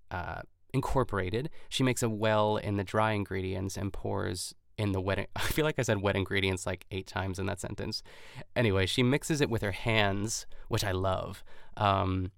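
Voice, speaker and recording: Chatty man with a gravelly low voice. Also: dry recording, clean studio sound. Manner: rambling and chatty, loses his place and laughs. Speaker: podcast host. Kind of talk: casual chat recapping a cooking show.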